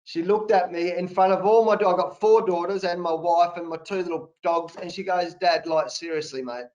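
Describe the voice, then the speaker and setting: A man in his fifties with an Australian accent and a sore throat, telling lively anecdotes full of slang as a guest on a video call. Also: sits high, a little fast, lo-fi sound. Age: 50s. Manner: animated anecdotes with colloquial slang. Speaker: guest, national cricket coach. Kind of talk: conversational storytelling.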